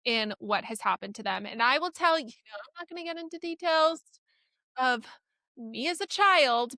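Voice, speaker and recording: A woman's voice: a little high, sharp tone, dry recording. A woman co-hosting a podcast, talking bluntly and with indignant emphasis in casual chat. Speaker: podcast co-host.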